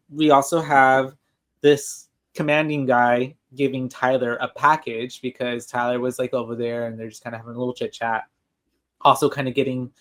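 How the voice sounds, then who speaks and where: Male podcast co-host, mid-pitched and loose, rambling film recap. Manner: rambling, heavy on fillers like "like" and "you know". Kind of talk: casual chat recapping a horror film.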